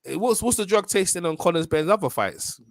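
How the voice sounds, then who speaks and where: A man hosts a casual boxing livestream, fast-talking, slangy and repetitive. His voice sits a little high for a man. The sound is dry and close to the mic. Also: no echo. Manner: animated, slangy, repeats himself.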